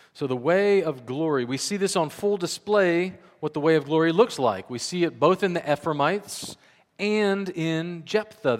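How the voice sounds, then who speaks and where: Animated preacher man in a reverberant hall. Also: fairly high pitch. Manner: conversational, animated, acts out quoted voices. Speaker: pastor. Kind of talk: sermon.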